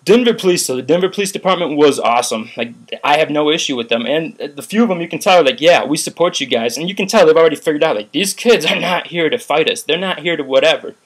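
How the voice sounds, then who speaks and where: A man's voice: a little high, animated, quick pace, hardly any pauses, breathy edge. A young man ranting profanely to camera in a rambling video commentary. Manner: profane, heated, rambling with frequent "like". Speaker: vlogger recounting a protest.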